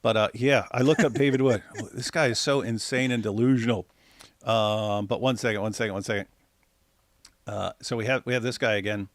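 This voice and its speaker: A man's voice: fairly low pitch, steady tone, brisk, no room sound. Man, livestream host, sarcastic commentary, stammering restarts, dry close sound. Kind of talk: livestream commentary reacting to clips.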